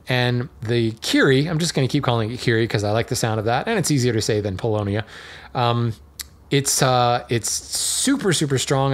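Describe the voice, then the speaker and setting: A man at an ordinary middle pitch, talking through a subject in a relaxed podcast monologue. He wanders off on tangents, trips over a word now and then, and chuckles at himself as he goes. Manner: chatty and digressive, with fillers and small laughs. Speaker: podcast host. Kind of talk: casual explanatory monologue.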